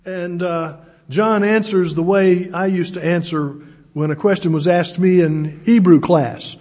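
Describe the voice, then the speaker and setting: A man's voice: sits high, fairly even intonation, unhurried, darkish tone. A man, preaching a sermon in a folksy storytelling way, with self-deprecating humor. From United States. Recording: dull lo-fi recording.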